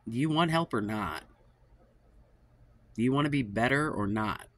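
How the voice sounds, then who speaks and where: His medium-pitched, fairly bright voice moves at a measured pace with long pauses, and there's no echo. Hosting his own dating-advice channel, he rants to camera in exasperation, cursing, sighing and trailing off, fed up and drained.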